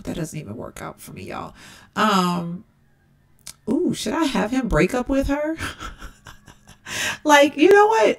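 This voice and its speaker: A woman hosting a casual let's-play, chatting through her gameplay and often calling her viewers y'all. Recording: distant low-quality game capture.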